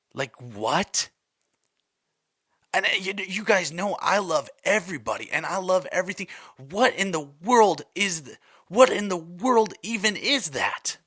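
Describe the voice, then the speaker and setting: A fired-up young man hosting a solo podcast, rambling and exasperated. His voice is bright and forceful and sits a little high. The sound is dry and close. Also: dry recording. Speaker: podcast host.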